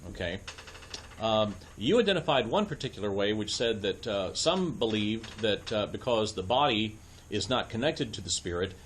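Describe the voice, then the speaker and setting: With a fairly low but lively voice and a fairly bright tone, a man lectures at a moderate pace in a church classroom. His adult education talk goes step by step, filled with ums and uhs and questions about whether it makes sense. A bit of hiss or hum runs underneath.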